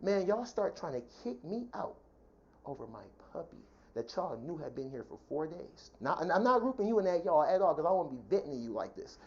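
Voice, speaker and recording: A woman venting in a heated, profane personal rant, talking fast and indignantly about how she has been treated. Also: lowish voice, very animated. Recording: dull lo-fi sound.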